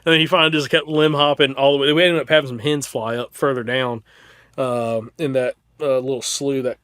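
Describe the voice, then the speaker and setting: A young man with a Southern US accent, co-hosting a casual chat and telling a hunting story in an animated way, full of "like" and restarts. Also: mid-range voice, fairly quick, clean tone. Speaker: podcast co-host.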